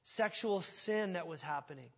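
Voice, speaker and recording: A male pastor preaching a sermon with a high-pitched voice. He tells the story in an animated way, jumping from loud bursts to quiet, hushed stretches. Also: normal speed, breathy edge.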